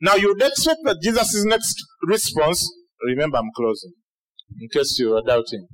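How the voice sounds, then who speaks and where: A man preaching to a big congregation, his high voice swooping widely as he builds to shouted peaks. He acts out quotes and questions in a lively, dramatic way. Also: moderate pace, rough recording. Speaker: pastor. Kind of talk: sermon.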